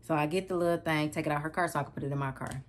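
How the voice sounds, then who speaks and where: Vlogger, woman, slightly low voice, animated and emphatic storyteller. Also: rapid-fire. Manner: animated, emphatic, repeats herself, talks straight to viewers. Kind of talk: casual storytelling to camera.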